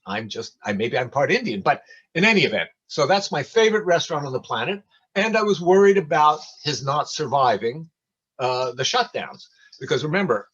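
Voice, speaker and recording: A man's voice: mid-range voice, fairly bright tone, husky, muffled recording. An older man telling rambling, folksy stories in a casual community talk over a video call.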